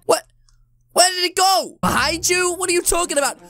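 High-pitched, hyped woman gaming host. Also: brisk, faint music behind. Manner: hyped, addresses "ladies and gentlemen", bursts into shouts and sing-song. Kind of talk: excited let's-play commentary.

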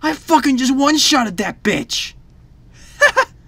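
A gamer giving rowdy commentary on his own play, loud, shouting and swearing constantly at the game. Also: high voice, sing-song, slow pace, no room sound.

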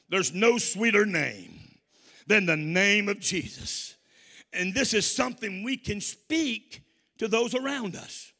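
Southern preacher with a bright high voice. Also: male voice, gravelly, big-room sound. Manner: call-and-response preaching, rising to shouts. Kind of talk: sermon.

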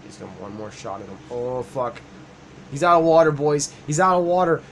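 A man's voice: mid-range voice, expressive, moderate pace, slight background noise. A young man giving casual, profane, joking commentary while playing a video game. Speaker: let's play gamer.

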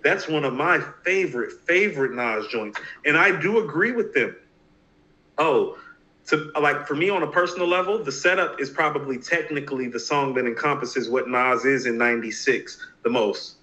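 A man co-hosting a casual hip hop podcast, talking in an animated, emphatic way with frequent restarts. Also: mid-range voice, normal speed, highs cut off. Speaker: podcast co-host.

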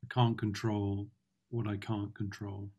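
A man being coached in a consultation, speaking in a halting, reflective way with many fillers and restarts. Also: on the low side, level tone, warm tone, husky. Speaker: client in consultation. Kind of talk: reflective conversation.

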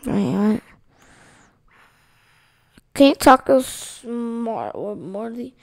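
Sleepy woman streaming a game, kinda high voice, slow and rambly, sarcastic. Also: very animated, no room sound. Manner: rambling, sarcastic, self-interrupting. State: tired. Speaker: gameplay streamer. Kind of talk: casual gameplay commentary, reading game dialogue aloud.

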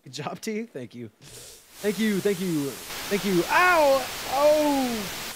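A man streaming a game live, commenting casually and excitably, swearing and laughing as he plays. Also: high-pitched, slow pace, noisy background.

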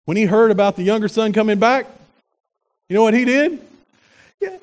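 A male pastor preaching a sermon in an animated way, asking the congregation rhetorical questions. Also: high voice, moderate pace.

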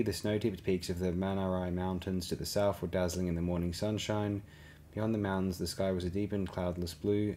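A man reading a novel aloud as an audiobook narrator, in a steady, even way. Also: deep voice, a little hiss or hum. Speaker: audiobook reader.

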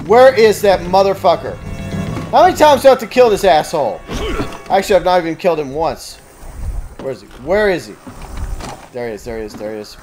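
A man commentating his video game play, often frustrated, shouting and swearing. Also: high voice. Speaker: let's play gamer. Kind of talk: live gameplay commentary. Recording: gameplay with music behind.

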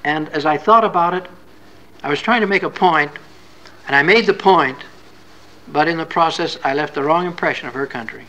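A man's voice: fairly high pitch, moderate pace, bright, forceful tone, rough recording. A man giving a classroom scripture lecture in an earnest, folksy, conversational way. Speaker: religious lecturer.

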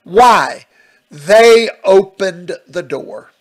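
A man's voice: high voice, animated, extremely slow, low-quality recording. A male pastor teaching at a Bible study question and answer session, earnest and emphatic, often checking in with "Amen?".

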